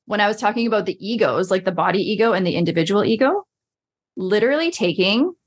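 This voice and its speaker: A woman's voice: medium pitch, expressive, quick pace. Chatty woman coaching with lots of "like". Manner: chatty, lots of "like", acts out her inner voice. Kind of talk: casual podcast chat.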